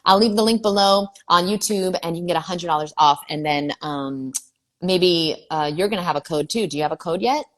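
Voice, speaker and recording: A woman's voice: on the low side, fairly quick. A woman from New York, a guest in a casual video chat, talking bluntly and brashly and swearing freely.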